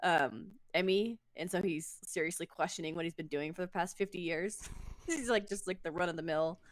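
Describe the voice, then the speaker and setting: A woman co-hosting a podcast in casual chat, talkative and quick to laugh at her own slips. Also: on the low side. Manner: chatty, laughs at herself, quick restarts. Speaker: podcast co-host.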